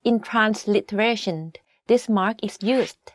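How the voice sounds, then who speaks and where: A woman teaching a language lesson, explaining slowly and carefully and demonstrating sounds. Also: medium pitch, steady tone, no room sound, studio quality.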